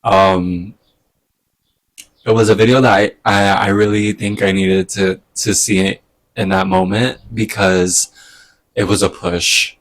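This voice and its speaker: A man talking in a casual personal vlog, hesitant and rambling, getting emotional with soft laughs. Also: low-pitched, flat delivery, a little slow. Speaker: vlogger. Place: indoors at home during a move.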